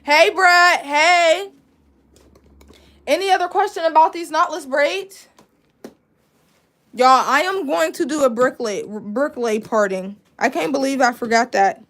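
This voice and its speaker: A young woman, a braiding instructor, chats casually while teaching a live braiding class and answering viewers' questions. Her voice sits high and she speaks at a normal speed.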